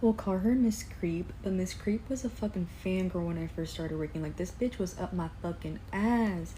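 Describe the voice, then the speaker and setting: Young woman ranting a storytime, swears a lot, mellow low-key tone, super blunt. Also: normal speed, a little hiss or hum. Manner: blunt, profane, animated retelling with quoted asides. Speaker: vlogger. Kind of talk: casual storytime vlog.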